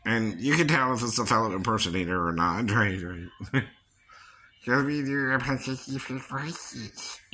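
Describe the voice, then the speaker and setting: A man's voice: mid-range voice, lively intonation, bright, forceful tone, a little hiss or hum. A man chatting casually about doing impressions. He laughs often and ends his lines with "right?". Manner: breaks into quick impressions and silly voices. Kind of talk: casual chat.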